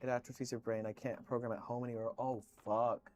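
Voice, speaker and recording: A man's voice: mid-range voice, flat delivery, fairly quick, darkish tone, slight background noise. A man streaming, chatting casually with viewers, telling rambling stories full of swearing and fillers.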